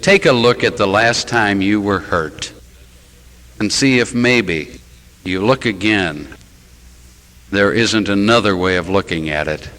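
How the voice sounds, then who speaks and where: A man's voice: medium pitch, sharp tone, low-quality recording. A man who is a Catholic priest, preaching a sermon in a church with rhetorical questions and wry, self-mocking asides.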